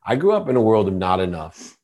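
Middle-aged male podcast guest with a lowish voice, earnest and confessional storyteller. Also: very animated, quick pace, a little mellow. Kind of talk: personal storytelling in conversation.

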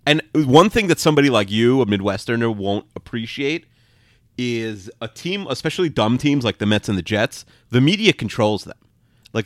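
A man co-hosting a casual sports podcast, talking in rapid, rambling, opinionated bursts full of "like". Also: lowish voice, no room sound, studio quality. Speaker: podcast co-host.

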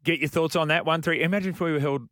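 A man's voice: fairly high pitch, steady tone, racing, fairly bright tone, dry recording, clean studio sound. An Australian man hosting a breakfast radio show, chatting casually and reading out listener texts and phone numbers. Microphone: studio microphone.

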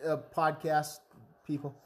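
A man's voice: a little high, monotone, measured pace. A man in his forties, rambling and swearing in a casual podcast chat. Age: 40s. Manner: rambling and profane.

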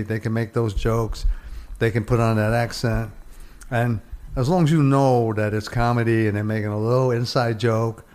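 A man in a casual group discussion, explaining his views in a measured way. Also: medium pitch, a little mellow.

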